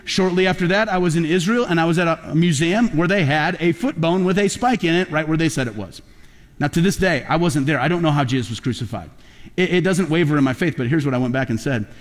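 A man's voice: fairly high pitch, fast. A man preaching a sermon as pastor, telling stories and building to emphatic peaks. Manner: animated storytelling preacher, rising to emphatic peaks. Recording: long hall reverb.

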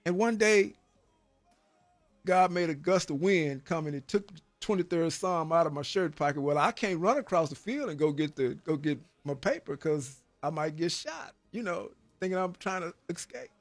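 Earnest, high-voiced man giving testimony. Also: lively intonation, normal speed, no echo, soft background music. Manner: earnest and emphatic, often ending phrases with "man"; repeats words when stirred, preacher-like cadence. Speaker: former prison inmate giving testimony. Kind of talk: personal faith testimony.

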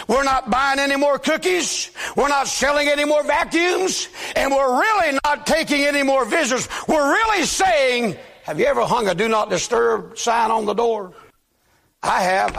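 A married man preaching a sermon to a church, often shouting with emphasis. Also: very high voice, creaky. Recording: long reverb of a hall.

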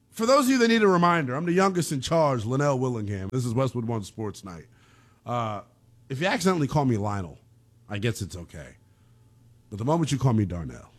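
A man hosting a call-in sports radio show, ranting in a slangy, animated way. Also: mid-range voice.

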